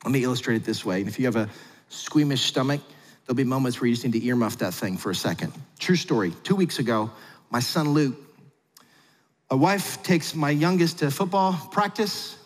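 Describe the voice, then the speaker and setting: A man preaching a sermon, telling a family story with jokes and big swings between quiet and loud. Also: brisk. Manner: animated storyteller with big swings in pitch and loudness; humorous asides. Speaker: pastor. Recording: long hall reverb.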